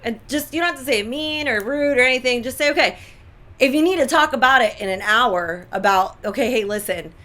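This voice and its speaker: A bright, forceful woman co-hosting a lifestyle talk show. She chats casually and emphatically, driving her points home by repeating them. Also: a little high. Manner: animated, emphatic, repeats herself. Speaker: co-host. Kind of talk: casual chat.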